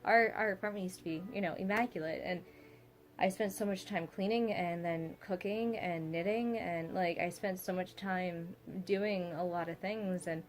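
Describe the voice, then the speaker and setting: Young mom, home vlog, slightly low voice, wandering and filler-heavy. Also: female voice, steady tone, moderate pace. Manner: rambling, many fillers like "you know". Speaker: vlogger, mother.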